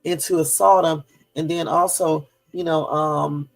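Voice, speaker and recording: Gravelly man hosting an indignant livestream. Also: fairly high pitch, fairly even intonation, measured pace, faint music behind. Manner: indignant, rambling with many fillers; chats with and answers live viewers. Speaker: livestream host. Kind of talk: casual livestream commentary.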